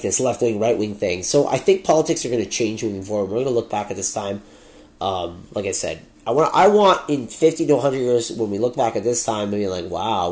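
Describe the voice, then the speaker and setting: Solo podcast host: young Canadian man, mid-pitched, rants hotly and swears freely. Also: warm tone. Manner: heated, profane ranting.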